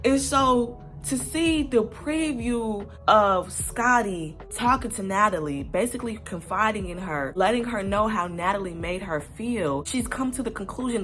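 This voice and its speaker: A woman's voice: mid-range voice, animated, measured pace, hardly any pauses, fairly bright tone. A young woman talking casually to camera in a rambling, candid commentary vlog, swearing freely and piling up fillers. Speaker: vlogger.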